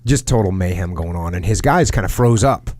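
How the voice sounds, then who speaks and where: A man's voice: sits low, lively intonation, fairly quick, a little mellow. A man hosting a podcast, telling a military training story casually with lots of jargon and restarts. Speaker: podcast host.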